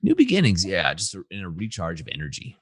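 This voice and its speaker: A man's voice: low-pitched, huge pitch swings, quick pace, breathy edge, no room sound. A man from California hosting a podcast in an upbeat, easygoing chat with lots of fillers. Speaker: podcast host.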